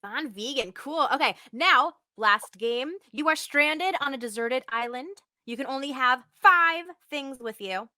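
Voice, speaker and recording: A woman's voice: high voice, expressive, unhurried, hardly any pauses, bright, forceful tone, no echo. A young woman hosting a live video podcast interview, bubbly and gushing, laughing often. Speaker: podcast host and acting coach. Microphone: video call.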